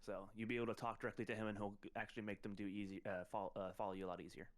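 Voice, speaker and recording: A man narrating as game master of a tabletop role-playing game, pausing often with fillers and restarts. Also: fairly low pitch, level tone. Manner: hesitant, lots of ums and restarts.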